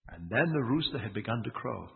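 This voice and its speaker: A man's voice: fairly high pitch, expressive, normal speed. A man preaching a sermon, retelling a story with asides and rhetorical questions. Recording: tinny, phone-like sound with long hall echo.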